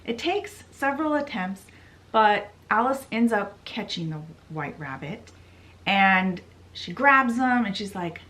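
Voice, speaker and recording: A young adult woman giving a chatty, animated recap of a novel on her vlog. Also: medium pitch, takes it slowly, rough recording. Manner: chatty, animated retelling with quoted voices. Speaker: book vlogger. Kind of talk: casual story recap.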